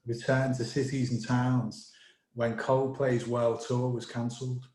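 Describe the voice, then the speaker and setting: Brief: Scottish male comedy host, brisk quips, echoey room on a video call. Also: medium pitch, level tone, darkish tone. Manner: brisk, quips between acts.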